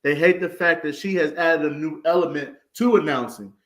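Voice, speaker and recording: A man on a casual podcast, explaining his point in a measured way. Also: a little high, a bit bright, slight background noise. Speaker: podcast co-host.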